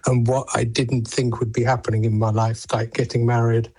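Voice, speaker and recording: A man's voice: medium pitch, level tone, normal speed, darkish tone, breathy edge. A man on a radio call, hesitant at first and wryly self-deprecating. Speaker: caller.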